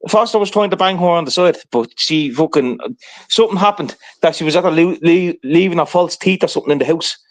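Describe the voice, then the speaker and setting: A man spins a long, rambling story in casual livestream chat, swearing freely and checking in with "right?" as he goes. His voice sits somewhat high for a man. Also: fast.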